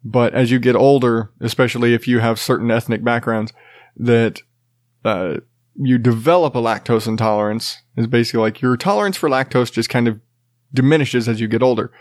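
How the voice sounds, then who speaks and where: A worn-out man in his thirties hosts a casual chat, his sentences wandering and breaking off as he laughs and swears offhandedly. His voice sits at an ordinary pitch for a man. It is recorded close on a mic in a dry, dead space. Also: a little fast, dry recording. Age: 30s. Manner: rambling, self-interrupting, laughs often, swears casually. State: tired. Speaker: podcast host and father.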